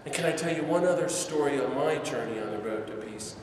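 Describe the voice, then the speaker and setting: A man's voice: on the high side, fairly quick, slight background noise. A middle-aged man, a priest, telling stories to a church audience with impassioned, building emphasis. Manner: impassioned, rising to emphatic peaks. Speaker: priest giving a talk. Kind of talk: church talk, storytelling. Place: large church hall. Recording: echoey church hall, distant mic.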